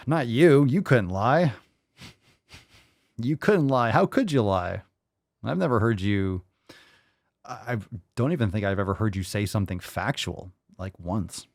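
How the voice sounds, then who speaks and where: Profane, ranting fitness host, low voice. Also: male voice, slow pace, vocal fry, pauses often, a little mellow, dry recording, clean studio sound. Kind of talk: reaction commentary.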